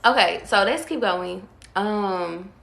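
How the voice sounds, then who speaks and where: Gravelly-voiced woman giving a tarot reading. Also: mid-range voice, roomy sound. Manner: calm, drawn-out, talks straight to viewers. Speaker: tarot reader.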